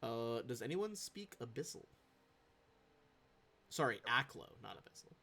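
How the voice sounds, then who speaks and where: A man's voice: mid-range voice, very animated, measured pace, vocal fry, pushed and bright. A man narrating a tabletop game as game master, with a casual, rambling delivery.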